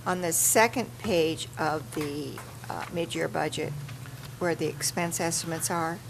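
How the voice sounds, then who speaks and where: Woman, board member, gravelly voice, hesitant, noisy recording. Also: low voice, steady tone, a little slow. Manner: hesitant, searching for words. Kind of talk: public meeting questions. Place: public meeting room. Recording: noisy meeting-room mic.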